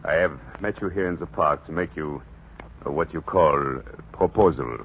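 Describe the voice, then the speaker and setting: A man's voice: extremely low pitch, moderate pace. An actor playing a courtly middle-aged Frenchman with a French accent who speaks formal, broken English, in 1940s radio acting. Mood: earnest. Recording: dull old radio broadcast with faint hiss.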